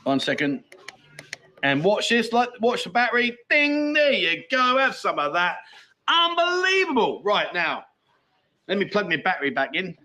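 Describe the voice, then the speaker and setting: A man's voice: high voice, animated, moderate pace, pushed and bright. A middle-aged man, hosting a casual livestream and bantering cheekily with viewers as he reads out their comments. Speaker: livestream host.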